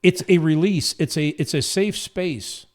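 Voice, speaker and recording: A man's voice: a little high, a little slow, darkish tone. A man hosting a casual conversation, rambling through stories with frequent restarts. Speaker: podcast host.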